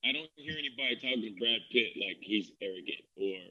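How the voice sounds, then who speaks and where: A man's voice: mid-range voice, expressive, fast, bright, forceful tone, muffled recording. A man co-hosting a casual podcast chat, emphatic and wry. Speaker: co-host.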